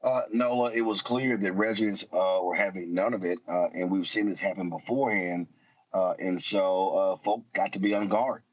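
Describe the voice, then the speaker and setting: A man with a deep, husky voice hosting a live talk show, speaking directly and padding his phrases with filler sounds. The audio is dull and lo-fi. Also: fairly even intonation, moderate pace. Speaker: host.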